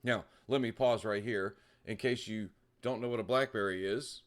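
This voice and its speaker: Deadpan man with a low voice. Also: moderate pace, hardly any pauses. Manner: deadpan sarcastic. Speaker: comedy host. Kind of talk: comedic storytelling.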